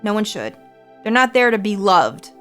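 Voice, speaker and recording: A woman's voice: medium pitch, sing-song, moderate pace, a bit bright, faint music behind. A woman in her forties from the United States, a streamer chatting casually with viewers in an earnest, reassuring way and swearing freely. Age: 40s.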